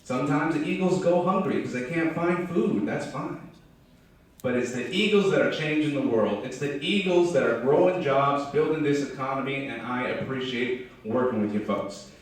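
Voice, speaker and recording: A man giving a lively, folksy storytelling keynote to a crowd at a business start-up event. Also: medium pitch, normal speed. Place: large hall. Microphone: distant from the mic. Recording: echoey hall from far off.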